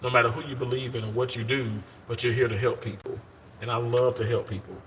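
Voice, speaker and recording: Talking fast in a steady, medium-pitched tone, a man in his thirties live streams casually from the hospital where he works in surgery. He's upbeat and chatty, calls his viewers y'all, and keeps restarting sentences. Some light hiss or hum sits underneath.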